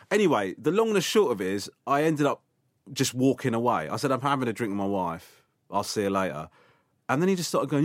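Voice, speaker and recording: A man's voice: mid-range voice, sing-song, quick pace, dry recording. A man chatting as an interview guest, with a mid-range voice that swings all over as he tells a story. He acts out the other people in his anecdotes. The recording is dry and close. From England. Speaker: guest comedian. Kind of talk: casual interview chat.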